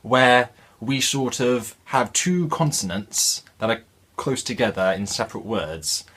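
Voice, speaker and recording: A chatty man reads a children's storybook aloud and keeps stopping for wry jokes. His voice is husky, and his pitch jumps around with lively energy. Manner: chatty, wry, full of joking asides. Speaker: channel host reading a children's book. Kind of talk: jokey storybook reading with asides.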